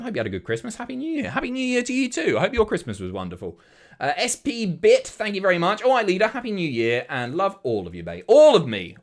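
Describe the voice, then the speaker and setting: A man's voice: a little high, a bit bright. A man in his thirties, a streamer chatting casually, sweary and self-mocking as he reads out viewer messages, a bit out of breath.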